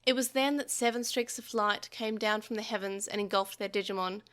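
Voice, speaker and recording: A woman's voice: mid-range voice, brisk, fairly bright tone. A woman podcast host reading a translated novel aloud, expressively, with small slips.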